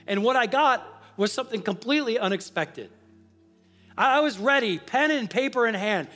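A man preaching a sermon as a pastor and sharing a personal testimony, earnest and confessional, moving between hushed and emphatic delivery. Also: high voice, normal speed, faint music behind.

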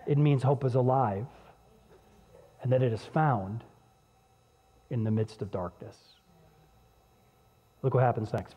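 Delivering his sermon with conversational energy, this pastor drops his voice low and gentle for the scripture readings. It sounds like a big room.

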